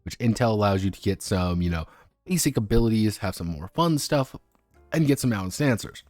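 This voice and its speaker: Low-voiced man rambling casually. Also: expressive, brisk, darkish tone, no room sound, faint music behind. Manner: rambling, filler-heavy, casually profane. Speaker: streamer reviewing tabletop games. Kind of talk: casual unscripted commentary. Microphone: streaming microphone.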